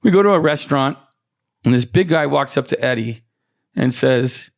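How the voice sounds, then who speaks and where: A man's voice: mid-range voice, expressive, normal speed, creaky. A man, a podcast guest, telling rambling anecdotes in casual chat, full of fillers and restarts. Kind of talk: casual storytelling.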